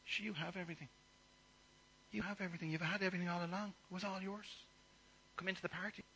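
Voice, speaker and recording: A man's voice: high voice, steady tone, fast, bright, forceful tone, slight background noise, pitched above the performer's own voice, low-quality recording. A man doing an overjoyed, exuberant father. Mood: gentle. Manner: exuberant, calling out. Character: loving older father, overjoyed at his son's return.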